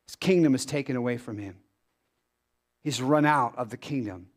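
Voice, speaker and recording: A male pastor preaching a sermon in an animated way, with rhetorical questions and sudden drops into low, quiet emphasis. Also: moderate pace.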